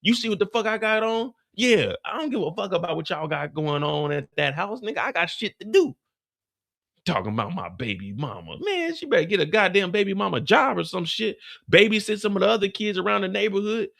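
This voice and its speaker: A man with a high-pitched voice and a gravelly edge holds forth on a live recap stream. He rants heatedly in character, swearing often and building his case line by line. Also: sing-song, a little fast, fairly bright tone. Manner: profane, heated, ranting in character. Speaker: show recap host. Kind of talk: live comedic recap rant.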